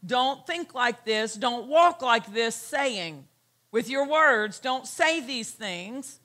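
A woman pastor preaching a sermon, emphatic and repeating her key phrases as she reads scripture slowly. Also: high-pitched, sharp tone. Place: church.

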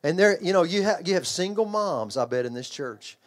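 Emphatic older male preacher, high voice. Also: expressive, a little fast. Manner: emphatic, conversational preaching, questions the congregation; repeats and restarts phrases. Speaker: pastor and children's ministry trainer. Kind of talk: sermon.

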